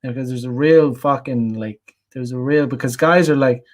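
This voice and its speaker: A young Irish man hosts a casual livestream channel, his mid-range voice slightly mellow and his speed normal. He rants bluntly and profanely, rambling with plenty of restarts and fillers while reading out chat comments.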